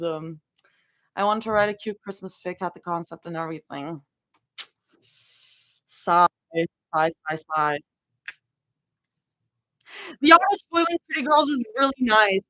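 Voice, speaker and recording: A woman's voice: on the high side, a bit bright. A woman reading fanfiction live and chatting with viewers, giggling often and full of casual fillers. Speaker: live-stream fanfiction reader.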